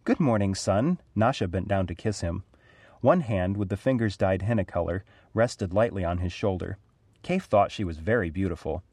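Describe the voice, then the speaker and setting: Low-voiced man reading a storybook. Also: moderate pace, dry recording. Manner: clear, even read-aloud delivery. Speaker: narrator.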